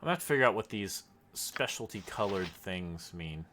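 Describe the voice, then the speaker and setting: A man's voice: sits low, lively intonation, fairly quick, pushed and bright, slight background noise. Wry man commenting on gameplay. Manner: joking, wry asides. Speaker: let's play streamer.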